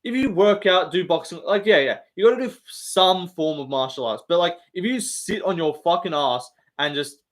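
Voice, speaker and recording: A man's voice: sits high, expressive, moderate pace, hardly any pauses, a bit bright. A man hosting a casual live stream, bantering with the chat, swearing often and laughing.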